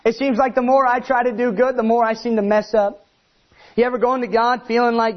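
A man preaching a sermon, animated, acting out the voices he quotes. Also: extremely high pitch, fairly quick, highs cut off.

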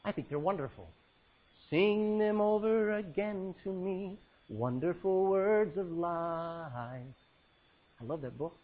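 A male pastor preaching a sermon, swinging between loud cries and hushed words as he quotes scripture in old-fashioned style. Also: sits high, takes it slowly, phone-quality sound.

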